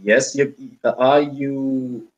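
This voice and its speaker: A man's voice: mid-range voice, steady tone, extremely slow, rough recording. A man running a tabletop game as game master, speaking hesitantly with many fillers and restarts.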